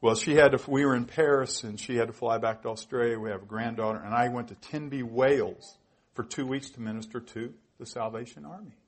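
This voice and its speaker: A man in his sixties delivers a heartfelt sermon testimony with a husky, breathy voice. His pitch sits in an ordinary middle range, and his storytelling grows emotional, at times close to tears. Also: fairly even intonation, fairly quick. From United States. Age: 60s. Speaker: preacher.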